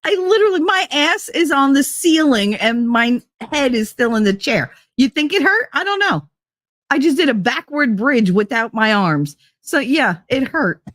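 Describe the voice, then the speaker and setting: Giggly high-voiced woman. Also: sing-song, normal speed, fairly bright tone, dry recording, studio quality. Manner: giggly, frequent laughing fits, bawdy and loose. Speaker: livestream host reading chat. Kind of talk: casual chat.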